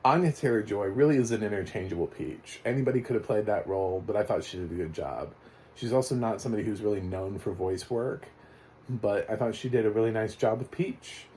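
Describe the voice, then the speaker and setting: Male film reviewer, talkative and loose, lowish mellow voice. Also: brisk, slight background noise. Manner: rambling, chatty, laughs often. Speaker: movie reviewer. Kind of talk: casual spoken film review.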